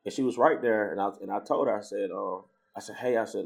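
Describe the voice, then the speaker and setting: A man's voice: on the low side, racing, vocal fry, few pauses. A man telling a personal faith story in casual talk, acting out the voices of the people he quotes. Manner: storytelling, animated when quoting others.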